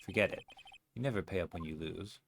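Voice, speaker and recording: A man voicing a level-headed young male lawyer in a deadpan, matter-of-fact way. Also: low-pitched, quick pace, vocal fry, a little hiss or hum.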